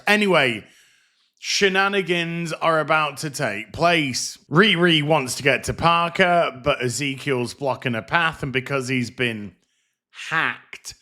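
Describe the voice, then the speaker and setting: A man's voice: medium pitch, sharp tone. A man giving a sarcastic, exasperated and profane review of a TV show. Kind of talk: ranting commentary review.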